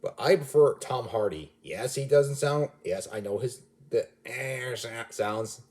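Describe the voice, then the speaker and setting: A man's voice: medium pitch, expressive, unhurried, a little mellow. A man giving a casual, rambling movie review, often restarting and correcting himself mid-sentence. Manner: rambling, self-correcting, chatty.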